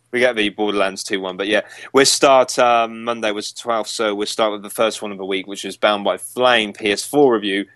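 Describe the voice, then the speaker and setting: A young man hosts a casual podcast chat. His voice sits on the low side and sounds dry and close, with no room around it. He rambles loosely and chuckles while reading reviews aloud. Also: a bit bright, no echo. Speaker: podcast host.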